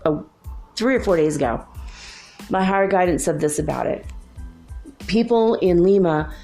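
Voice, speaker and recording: A woman's voice: low-pitched, mellow. A woman from Minnesota hosting a casual spiritual monologue, rambling and chatty with frequent laughs. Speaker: spiritual channel host.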